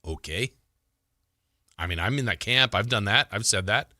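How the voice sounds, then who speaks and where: Bright, dry-voiced sports radio host. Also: male voice, lowish voice, lively intonation, moderate pace, no room sound. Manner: conversational, thinks aloud with fillers and restarts. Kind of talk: sports talk radio commentary.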